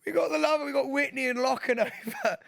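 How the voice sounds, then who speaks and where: A man's voice: extremely high pitch, fast talker, gravelly, dry recording, studio quality. A man co-hosting a podcast in casual chat, telling stories with lots of laughter. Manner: laughs often while telling animated anecdotes. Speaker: podcast co-host.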